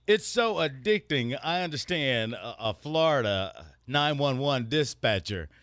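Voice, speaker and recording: A man hosting morning radio, bantering and laughing with his co-hosts. His pitch swings widely and his voice is bright and forceful. The studio sound is close and dry. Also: measured pace, no echo. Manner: lively, laughing, joking with co-hosts. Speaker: radio show host.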